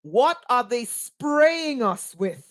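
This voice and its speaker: A woman's voice: fairly high pitch, very animated, drawn-out words. A woman, a spiritual teacher delivering an impassioned monologue full of rhetorical questions and sarcastic asides.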